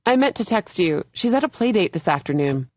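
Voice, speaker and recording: A woman narrator voicing an eager, gushing young woman friend in an audiobook thriller, raising her voice higher and brighter. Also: very animated, fairly quick, no echo. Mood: giggly, excited.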